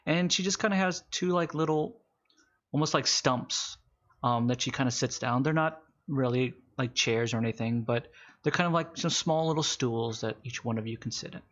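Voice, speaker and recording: A man running a tabletop game as game master, narrating casually with fillers and slowing down for calm scenes. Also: mid-range voice, highs cut off.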